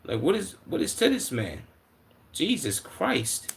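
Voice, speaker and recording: A man's voice: fairly high pitch, wildly swooping pitch, a little fast. A man in his twenties from Chicago, reacting casually on a live stream in a slangy way, often incredulous and stuttering over his words. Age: 20s.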